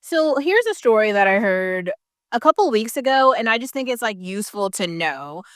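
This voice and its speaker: A woman's voice: mid-range voice, sing-song, moderate pace, a bit bright, no echo, studio quality. A woman ranting casually to camera, swearing often, packing her talk with "like" fillers and laughing in bursts. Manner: profane, heated, heavy "like" fillers, laughs mid-sentence. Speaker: vlogger.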